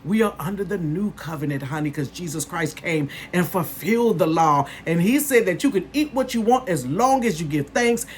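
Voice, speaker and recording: A woman in her fifties chatting casually to her viewers as a vlogger, calling them "honey" and "you guys" and bursting into excitement. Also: fairly low pitch, normal speed, few pauses, a little hiss or hum. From northern United States. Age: 50s.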